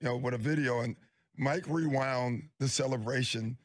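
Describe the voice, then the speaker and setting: A man's voice: mid-range voice, moderate pace. Amused man telling old game stories. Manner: amused, laughing while telling anecdotes. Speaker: former basketball player, guest. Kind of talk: storytelling in a broadcast interview.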